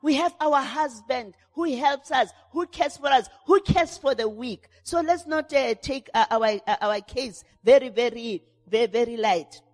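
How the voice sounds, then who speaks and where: A middle-aged woman preaching a sermon fervently, with many fillers and repeated words, rising to shouts in prayer. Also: sits high, measured pace, few pauses, in a large hall.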